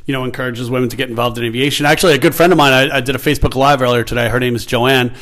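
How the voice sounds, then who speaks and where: A man's voice: medium pitch, steady tone, rapid-fire, a bit bright. A man who is an airline pilot and part-time stand-up comedian, chatting casually and laughing easily. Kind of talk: casual podcast chat.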